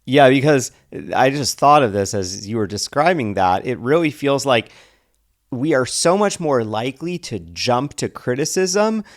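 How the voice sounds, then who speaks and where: A man co-hosting a relationship podcast, talking in a relaxed, conversational way. He thinks out loud and often restarts his sentences as he works through an idea. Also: medium pitch, measured pace. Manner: casual, thinks aloud with restarts. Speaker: podcast co-host. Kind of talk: relationship advice podcast chat.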